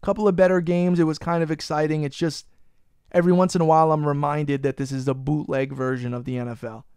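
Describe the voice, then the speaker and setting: Podcast host, New man, higher voice, smooth and clear, foul-mouthed ranter. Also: little pitch movement, quick pace, darkish tone, dry recording, clean studio sound. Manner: profane, ranting, teasing his co-host. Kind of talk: casual podcast banter.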